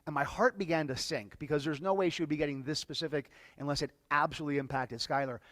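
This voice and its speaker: A man speaking to a live audience as a workshop speaker, telling a personal story in an emotional, halting way and often repeating words. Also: fairly high pitch, fairly bright tone, no room sound.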